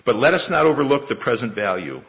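Gravelly-voiced man in his sixties preaching. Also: mid-range voice, animated, fairly bright tone, dull audio. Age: 60s. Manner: measured, with rhetorical questions. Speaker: lay preacher. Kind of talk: sermon.

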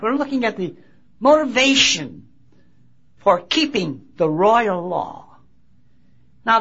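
A man delivers a sermon in a husky, bright, rather high voice. He talks haltingly, restarting phrases and pushing up on key words. The recording is dull and lo-fi. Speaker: preacher. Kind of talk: sermon with Bible reading. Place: convention gathering.

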